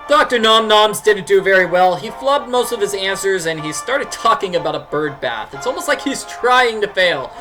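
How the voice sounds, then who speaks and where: Man, casual let's-play commentary, rambling, lively pitch, game music behind. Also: normal speed, few pauses, poor audio. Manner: rambling, many fillers and restarts. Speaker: streamer and game writer.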